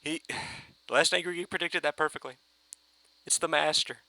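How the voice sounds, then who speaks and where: A man ranting giddily in a fan reaction video, swearing and breaking into excited shouts. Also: fairly high pitch, a little fast, vocal fry, dry recording. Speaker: fan reviewer.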